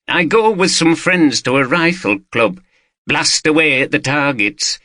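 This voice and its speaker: A man's voice: on the high side, expressive, a little slow, bright, forceful tone, dry recording, studio quality, pitched above the performer's own voice. A man voicing a blunt, chatty middle-aged man, speaking in clipped sentences. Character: gruff middle-aged Yorkshire man, proud gun owner.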